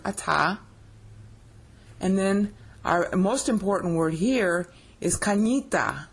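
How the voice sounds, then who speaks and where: A woman's voice: mid-range voice, slightly rough. A woman giving a screen-share scripture lesson, explaining step by step with emphasis and often checking that the listener follows. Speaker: Bible teacher.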